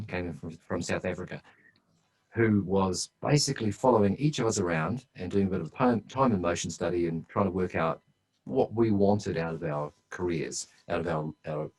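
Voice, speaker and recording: A man's voice: deep voice, rough recording. A man speaking as a guest on a podcast interview, telling stories in a chatty, enthusiastic way.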